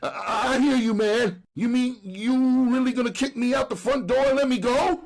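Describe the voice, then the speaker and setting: A man's voice: very high-pitched, steady tone, normal speed, pitched above the performer's own voice. A man voicing a desperate male junkie informer who whines and pleads with the police. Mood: pleading. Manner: whining, pleading.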